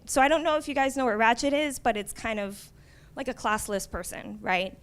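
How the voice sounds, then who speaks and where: Woman librarian, high voice, casual presenter at a conference, chatty, checks in with the audience a lot. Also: fairly quick, a bit bright, clear, resonant tone. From United States. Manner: conversational, frequent "um" and "right?" tags.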